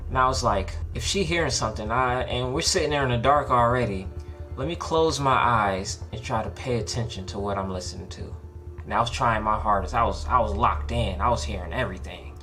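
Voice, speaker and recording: A young man casually telling a true story, laid-back and slangy, rising into a higher voice when he acts out his own panic. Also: brisk, bright, forceful tone, soft background music. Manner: laid-back slangy talk with many likes and restarts.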